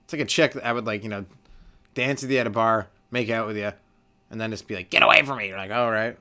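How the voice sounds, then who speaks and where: A young man from Canada hosting a solo comedy podcast, rambling loosely, swearing freely and acting out quick little voices for the people in his stories. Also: fairly low pitch, fairly even intonation, bright, forceful tone, clear, resonant tone. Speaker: podcast host, stand-up comedian.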